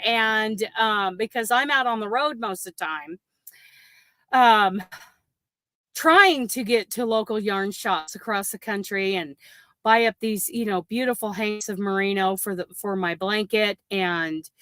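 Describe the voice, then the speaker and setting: A woman's voice: a little high, bright, forceful tone, no echo. A woman hosting a crochet livestream, chatting in a rambling, gushing way and laughing often. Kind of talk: casual livestream chat.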